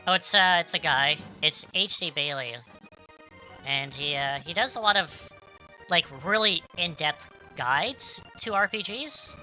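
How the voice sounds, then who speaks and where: Woman streamer, low pitch, bright tone, chatty let's-play talk, faint game music behind. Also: a little slow, rough recording. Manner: chatty, stumbles and restarts, bursts of loud excitement. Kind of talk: casual let's-play commentary, reading game dialogue aloud.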